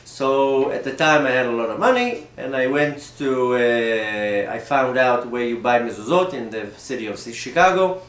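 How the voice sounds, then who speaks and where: A rabbi telling a personal story in an animated way, often repeating and restarting his words. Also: medium pitch, moderate pace, hardly any pauses, reverberant. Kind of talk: storytelling talk.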